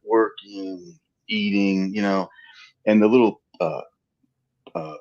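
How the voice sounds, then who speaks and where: A man's voice: lowish voice, slow pace, lo-fi sound. A middle-aged man guesting on a live-stream interview, animatedly telling anecdotes and acting out the dialogue of others. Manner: animated storyteller who acts out quoted dialogue. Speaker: interview guest, film stand-in and double. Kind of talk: casual anecdotal storytelling. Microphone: remote live-stream call.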